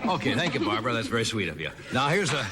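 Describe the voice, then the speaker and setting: A man's voice: mid-range voice, very animated, very fast. A man hosting a late-night talk show, telling jokes and stories in a wry, genial way between chuckles. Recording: television broadcast with audience noise. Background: studio audience.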